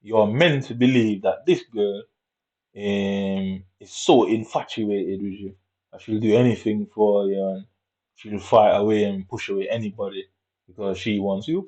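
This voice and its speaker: A man talks in a casual, meandering monologue. He repeats himself, drops street slang and swears freely. His voice sits on the low side, and the recording sounds dull and lo-fi. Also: steady tone, measured pace, a little mellow. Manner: rambling, repetitive, profane street slang.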